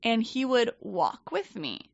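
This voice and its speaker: A woman telling a story in casual chat, animated and swearing, acting out quoted people. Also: on the high side, slow pace, gravelly, no room sound. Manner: animated, profane, quotes people in lively voices. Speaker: podcast guest. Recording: dull, dry podcast mic.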